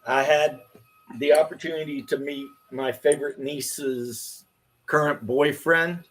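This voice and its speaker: A man's voice: fairly high pitch, fairly even intonation, unhurried, fairly bright tone. A man in his fifties hosting a casual chat, telling stories bluntly with profanity. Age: 50s. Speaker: host.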